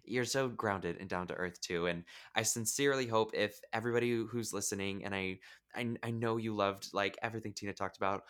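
A man hosting a podcast, gushing warmly over his guest with many fillers and restarts. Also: low-pitched, clean tone. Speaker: podcast host. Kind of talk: casual podcast chat.

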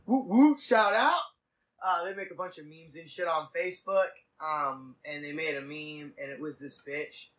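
A man hosts a casual podcast, spinning a rambling, profane story in quick bursts. His voice sits a little high and has a bright, forceful edge. He sounds set back from the mic. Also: flat delivery, far from the mic, poor audio. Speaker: podcast host.

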